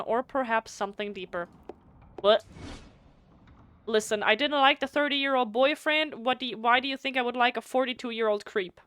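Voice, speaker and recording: A woman, a native German speaker, streaming a game with casual commentary, animated and swearing freely while reading text aloud. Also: on the high side, clear, resonant tone, dry recording.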